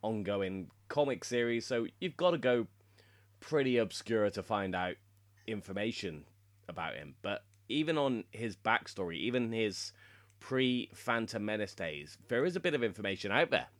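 Man, low voice, dry close recording, casual podcast chat, laughs a lot. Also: animated, moderate pace, no room sound. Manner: laughs often while explaining lore. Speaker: podcast co-host.

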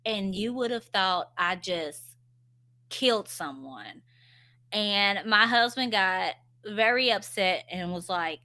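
A woman's voice: on the high side, very animated, a little slow, pushed and bright. A young woman, a stay-at-home mom, talking candidly to her followers in a casual vlog, with frequent fillers and self-deprecating laughs. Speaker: stay-at-home mom sharing parenting experiences.

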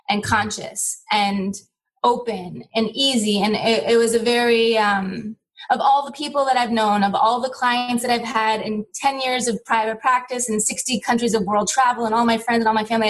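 A woman's voice: a little high, poor audio. A middle-aged woman, a guest in an interview, telling a personal story in an earnest, reflective way with frequent restarts.

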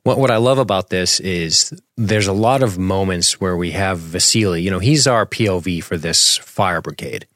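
A man's voice: low-pitched, moderate pace, few pauses, no echo, clean studio sound. A man co-hosting a podcast, chatting casually as he recaps a TV episode and reads questions from the chat. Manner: relaxed, laughs often, reads chat questions. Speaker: podcast co-host.

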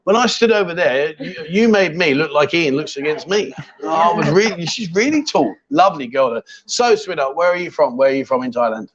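A man's voice: a little high, animated, a little fast, few pauses, highs cut off. A man hosting a live chat show from a bar, chatty and teasing, joking as he goes. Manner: jokey, chatty, teasing, repeats himself. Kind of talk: casual live-stream chat. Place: bar in Thailand.

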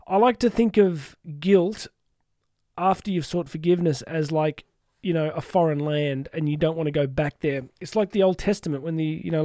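A man's voice: fairly high pitch, warm tone, no room sound, studio quality. A middle-aged man hosting a solo podcast, talking earnestly and reflectively with frequent restarts and asides. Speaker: podcast host and coach.

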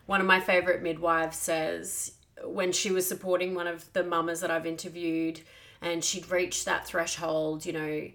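A woman hosting a podcast about birth, asking gentle questions and affirming her guest. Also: fairly low pitch, level tone, moderate pace. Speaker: podcast host interviewing mothers. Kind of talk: warm interview questions.

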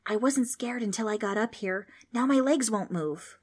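A frightened young boy hamming up a swaggering pirate captain with a put-on pirate accent, as a woman reading a storybook voices him. His bluster comes out high-pitched and loud, much higher than the narration. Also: normal speed, husky. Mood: nervous. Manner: blustering pirate bravado hiding nerves.

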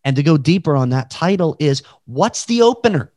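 Emphatic, energetic man as an interview guest on a video call, dry sound. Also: fairly high pitch, normal speed, dry recording. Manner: energetic, emphatic, demonstrates with his voice. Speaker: realtor and guest. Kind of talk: casual podcast interview.

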